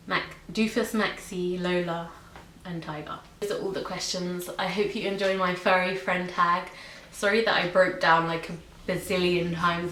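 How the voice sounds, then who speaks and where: A woman's voice: on the low side, sharp tone. A young woman from Britain or Ireland chatting casually about her pets in a home vlog, with lots of ums and likes. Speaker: vlogger. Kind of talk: casual pet tag video. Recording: echoey room with faint hiss.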